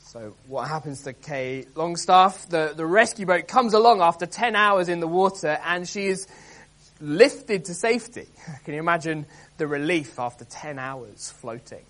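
A man preaching an expository sermon, earnest and emphatic, reading scripture aloud with dramatic stress and often pausing with um and uh. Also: fairly high pitch, expressive, a bit bright. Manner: earnest, emphatic, many ums and uhs.

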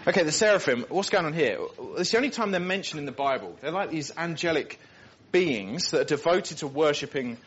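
Male preacher, husky and fairly high, earnest, doubles back on words, dull lo-fi recording. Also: a bit bright. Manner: earnest, emphatic, repeats words as he builds points. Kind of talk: sermon.

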